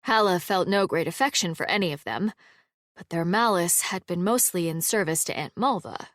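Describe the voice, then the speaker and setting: A woman with a lowish voice narrates a fantasy audiobook, keeping her storytelling even and measured. The studio recording is clean, with no echo.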